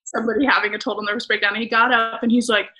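A woman's voice: fairly high pitch, very fast, slight background noise, rough recording. A woman in her thirties, a stand-up comedian, telling stories in a casual interview with lots of laughter. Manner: animated, laughing storyteller.

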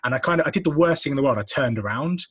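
A man in his thirties hosting a podcast, telling a story in animated casual chat with casual swearing. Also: medium pitch, racing, breathy edge, dry recording. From England. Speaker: podcast host.

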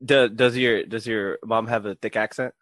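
A man's voice: on the low side, fairly even intonation, normal speed, no echo. Laid-back young man, dry close sound. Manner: laid-back, trails off quietly, stammers on restarts. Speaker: podcast co-host. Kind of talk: casual chat.

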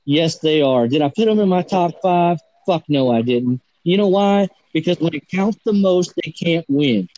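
Man ranting heatedly, dark voice. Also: high voice, lively intonation, moderate pace, hardly any pauses, no room sound, highs cut off. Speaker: podcast panelist. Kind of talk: casual sports talk.

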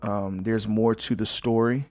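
A man's voice: fairly low pitch, steady tone, a little slow, a little mellow, no echo, faint music behind. A man hosting a solo podcast in casual chat. He rambles and jokes in a loose, candid way, full of fillers and the odd swear. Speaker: podcast host.

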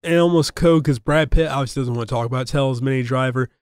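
A man co-hosting a podcast, chatting casually about a film with quick agreements and blunt opinions. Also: medium pitch, clear, resonant tone, no room sound, studio quality. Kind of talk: casual movie discussion.

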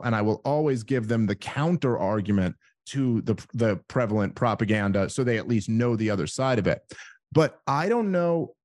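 A man speaking as a guest in a casual conversation, animated, acting out his own inner thoughts as he talks. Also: medium pitch, dry recording, clean studio sound. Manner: animated storyteller, acts out inner voices.

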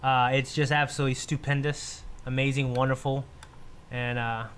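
A man's voice: mid-range voice, moderate pace, slight background noise. A man in his thirties co-hosting a casual podcast, telling stories with laughs and restarts. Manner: animated storyteller, laughs often, repeats himself. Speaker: podcast co-host. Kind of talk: casual group chat, storytelling.

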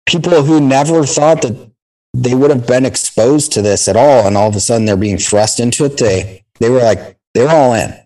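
A man's voice: medium pitch, normal speed, darkish tone, low-quality recording. Man telling war stories, swearing. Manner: intense storytelling, heavy swearing. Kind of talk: casual conversation.

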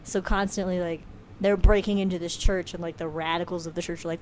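Animated woman telling stories, laughing. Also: on the low side, a little fast, slight background noise. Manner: animated storytelling, acts out quotes with laughter. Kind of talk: casual chat.

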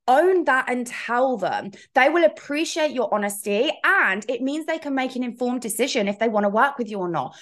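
A woman hosting a solo coaching podcast, talking frankly and chattily, wandering into asides and swearing playfully. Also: a little high. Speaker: fitness coach and podcast host. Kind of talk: casual solo podcast chat.

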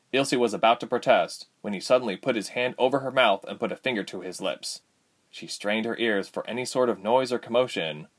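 A man reading a story aloud, expressive and lively. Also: on the low side. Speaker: narrator. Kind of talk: storybook narration.

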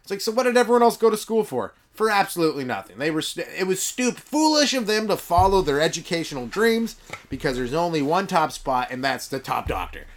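A man's voice: fairly high pitch, very animated, brisk. A man hosting a solo comedy podcast, rambling and sarcastic. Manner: rambling, sarcastic, mumbles asides. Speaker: podcast host. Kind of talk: stand-up comedy monologue.

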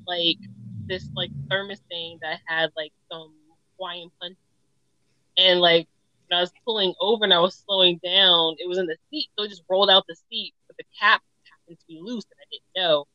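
A young woman co-hosting a casual podcast chat, loose and slangy, often trailing off quietly. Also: lowish voice, dry recording, highs cut off. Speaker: podcast co-host.

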